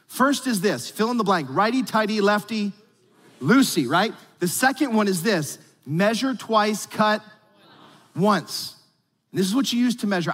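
Speaking to his congregation in a church sanctuary, this pastor sits high in pitch with a somewhat bright tone, his sermon conversational, joking and playful. A long reverb from the big hall trails his words.

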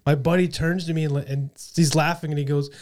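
Animated, giggly man telling a story. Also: a little high, fairly quick. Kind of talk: casual group chat.

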